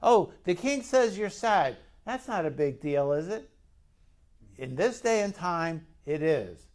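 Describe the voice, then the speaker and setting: A man's voice: a little high, lively intonation, slow pace, a little mellow. A man preaching a conversational sermon as pastor, telling the story and putting questions to the congregation.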